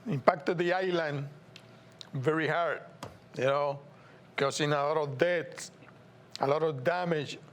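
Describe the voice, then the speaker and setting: A man from Puerto Rico with a Puerto Rican Spanish accent, a Spanish speaker hosting his show in English, talking in a halting way with many fillers and restarts. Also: a little high, a bit bright, a little hiss or hum. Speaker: show host. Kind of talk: unscripted commentary to camera.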